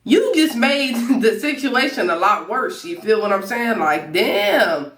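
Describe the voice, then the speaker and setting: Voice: mid-range voice, expressive, unhurried, fairly bright tone. Slangy reaction host in a roomy space. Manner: slangy, emphatic, talks back at the screen. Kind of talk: casual reaction commentary. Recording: roomy and distant from mic.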